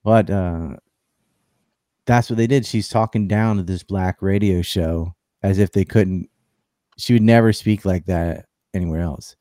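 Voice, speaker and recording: A man's voice: sits low, measured pace, mellow, no echo, clean studio sound. Blunt, sardonic man on a podcast. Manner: blunt and sardonic, often mimicking others. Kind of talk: casual political chat.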